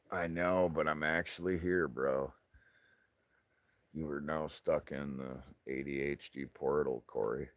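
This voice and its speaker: A man's voice: a bass voice, no room sound. A man, likely in his thirties, chatting casually on his own show, swearing a lot, laughing often and keeping a laid-back manner. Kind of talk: casual profane chat.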